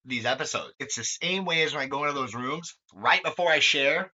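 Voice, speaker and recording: Bright-voiced man rambling candidly. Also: a little high, fairly quick. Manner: rambling, swears often, lots of fillers. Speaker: podcast host. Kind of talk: candid conversational chat. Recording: dull lo-fi sound.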